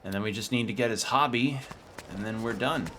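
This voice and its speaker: A man casually commenting on a video game he is playing, relaxed and thinking aloud. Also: medium pitch, a little fast, slight background noise. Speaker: gaming streamer. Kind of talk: casual let's play commentary. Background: faint game music.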